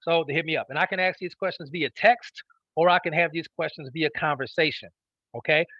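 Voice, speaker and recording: A man's voice: on the high side, a little fast, sharp tone, no echo, lo-fi sound. A man teaching a sales training class, emphatic and repetitive, often checking in with his listeners. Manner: emphatic, repeats key phrases, checks in with "okay?". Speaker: network marketing trainer. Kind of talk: instructional talk.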